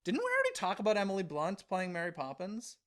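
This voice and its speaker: Podcast co-host, male, high bright voice, excitable chatter. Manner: chatty and excitable, laughs often, quick asides. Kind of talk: casual chat.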